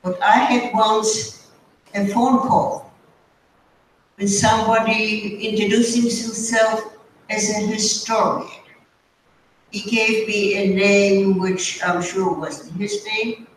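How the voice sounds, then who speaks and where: Older woman, slow deliberate storytelling, far from the mic, booming hall echo, faint noise. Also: little pitch movement. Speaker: guest speaker. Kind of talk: storytelling testimony. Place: high school auditorium.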